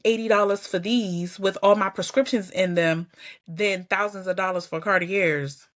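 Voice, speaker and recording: Chatty woman host, mid pitch, candid and emotional, on the edge of tears. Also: steady tone, moderate pace, fairly bright tone. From Georgia, US. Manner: chatty, candid, laughs and sighs often. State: holding back tears. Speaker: podcast host. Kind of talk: casual personal vlog talk.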